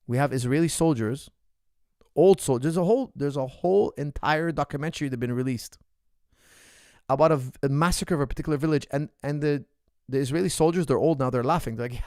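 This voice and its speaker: A man's voice: medium pitch, fairly quick, long pauses, darkish tone, no room sound, studio quality. A man, a martial arts coach, answering viewer questions in an impassioned, indignant monologue, repeating phrases for emphasis.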